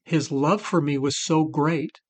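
A man's voice: fairly high pitch, measured pace. A middle-aged man co-hosting a faith-based recovery talk, sharing his personal testimony earnestly. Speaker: recovery podcast co-host.

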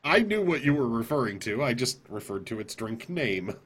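A man's voice: mid-range voice, big pitch swings, moderate pace, fairly bright tone, slightly rough. A man co-hosting a late-night gaming stream, chatting casually, throwing in teasing quips and laughing easily. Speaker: co-host of a gaming talk stream.

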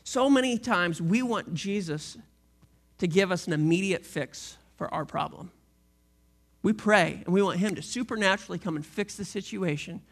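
A pastor preaching a sermon in a casual, animated way, full of slang and playful asides. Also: mid-range voice, moderate pace. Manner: animated, conversational storytelling with slang; shifts into a quiet, reflective tone late on.

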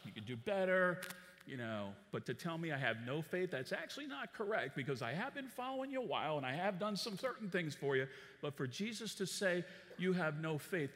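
A man preaching a sermon in a church, animated and asking the congregation rhetorical questions. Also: a little high, brisk, a little hiss or hum. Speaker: pastor. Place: church auditorium. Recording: long church hall reverb.

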